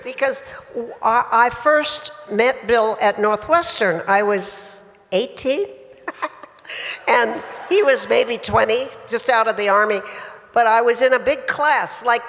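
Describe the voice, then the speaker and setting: A woman's voice: on the high side, takes it slowly, a bit bright. An older actress telling a story on a convention panel and acting out her own past thoughts. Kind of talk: panel anecdote. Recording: long reverb of a big hall.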